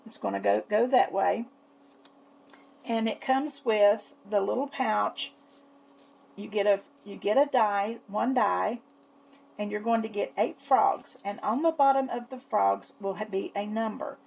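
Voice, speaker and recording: A woman chatting casually as she shows off her savings challenges, fond and unhurried, with lots of little fillers. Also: medium pitch, vocal fry, darkish tone, low-quality recording. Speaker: savings challenge seller and vlogger. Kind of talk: casual product show-and-tell.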